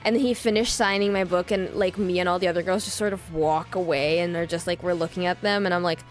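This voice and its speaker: A woman in her twenties telling a story casually on a livestream, chatty and animated, acting out quoted lines with big pitch jumps. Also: quick pace, faint music behind.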